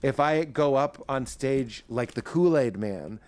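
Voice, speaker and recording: Animated man riffing on a podcast. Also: mid-range voice, a little slow. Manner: animated storyteller, acts out bits in voices. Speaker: stand-up comedian guest. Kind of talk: podcast interview chat.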